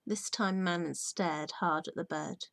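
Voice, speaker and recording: Woman teacher reading a storybook aloud, soft and hushed, dry close sound. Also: on the low side, fairly even intonation, measured pace, vocal fry, no echo. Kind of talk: reading a children's book aloud.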